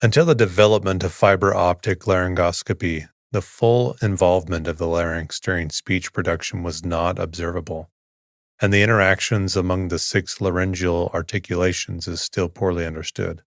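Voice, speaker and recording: A man with a very low voice reads a dense text slowly and evenly, pacing it to help listeners drift off. The sound is dry and close, with no room around it. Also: fairly even intonation, no room sound. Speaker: sleep podcast host. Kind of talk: slow monotone sleep-story reading.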